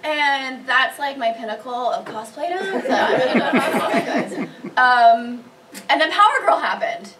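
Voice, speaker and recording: A woman cosplayer on a convention panel, chatting casually and telling animated stories with lots of laughter. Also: high voice, normal speed, distant mic, a loud crowd. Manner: bubbly, laughs often, animated storytelling.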